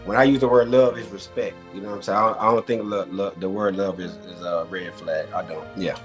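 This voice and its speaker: A man's voice: sits low, steady tone, fairly quick, faint music behind. Emphatic rambling man debating. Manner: emphatic, rambling, repeats himself. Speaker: debate contestant. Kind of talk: casual debate.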